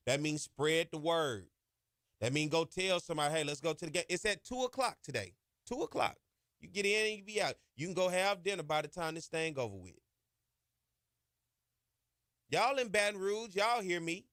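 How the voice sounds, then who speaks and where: This podcast host is a man with a voice on the high side, lively intonation, and a fairly bright tone, speaking a little fast. He rants passionately about sports with lots of "y'all" and "ain't," in a clean studio recording with no room sound.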